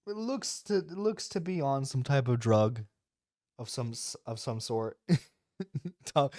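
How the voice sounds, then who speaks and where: Slow-talking mocking reaction streamer. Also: male voice, mid-range voice, darkish tone, dry recording, studio quality. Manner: mocking, laughing, crude. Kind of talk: reaction commentary.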